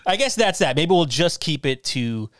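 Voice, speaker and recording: A man's voice: fairly high pitch, sing-song, moderate pace, fairly bright tone, dry recording. A middle-aged man from the New York area hosts a podcast in loose, rambling talk. He is self-deprecating and restarts his sentences often. The recording is dry and close. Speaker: podcast host.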